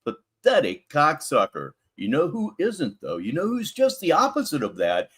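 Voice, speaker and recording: A male stream host talks in a lively, swooping voice that sits a little high. He is sarcastic and contemptuous and swears freely as he comments on a clip. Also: moderate pace, husky. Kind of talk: livestream commentary.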